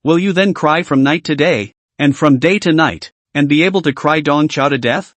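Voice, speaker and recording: A man's voice: a little high, normal speed, no echo, lightly acted. A man voicing a bold young officer who speaks in a brash, mocking way. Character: bold scheming young male officer, scornful.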